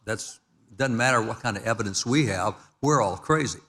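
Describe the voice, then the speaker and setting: Reading quotes aloud as he moves through his slides, an older man lectures emphatically on history at a gala held in a large event hall. He has a lowish voice with a sharp tone and speaks at a moderate pace. The event PA leaves hall reverb on the recording.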